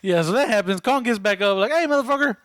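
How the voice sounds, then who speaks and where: A man's voice: high-pitched, fast talker, a bit bright, no room sound. A man co-hosting a podcast in casual chat, laid-back and easygoing, swearing casually. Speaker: podcast co-host.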